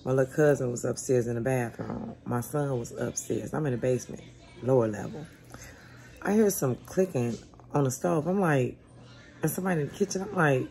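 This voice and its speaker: A woman in her forties with a low, gravelly voice tells a story bluntly and with plenty of swearing. Her delivery is casual and animated. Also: normal speed. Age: 40s. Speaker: vlogger.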